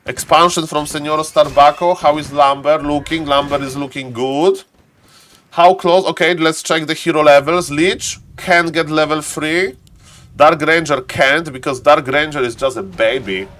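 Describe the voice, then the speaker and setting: A man giving live esports commentary, excitable and playful, bursting into high exclamations and joking asides. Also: moderate pace, a little hiss or hum. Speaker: game caster.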